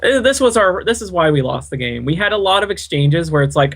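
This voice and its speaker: A man's voice: a little high, sing-song, fairly quick, few pauses, a bit bright. Dry-humored guy commentating a game replay. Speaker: gaming channel co-host.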